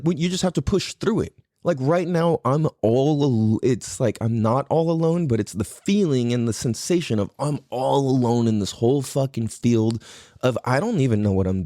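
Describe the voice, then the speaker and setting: Male podcast host from California, mellow, dry close sound, loose rambling delivery, lots of cursing. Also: medium pitch, dry recording. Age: adult parent. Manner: rambling, heavy swearing, frequent fillers. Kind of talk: casual solo podcast monologue.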